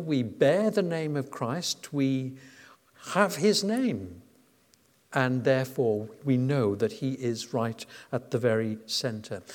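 A man preaching a sermon in a conversational manner, with frequent fillers and restarts. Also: a little high. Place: church. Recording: church with long reverb.

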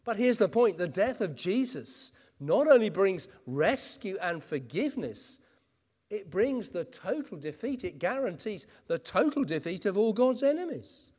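A man's voice: high-pitched, sing-song, unhurried, darkish tone. A man preaching an earnest expository sermon. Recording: long reverb in a church hall.

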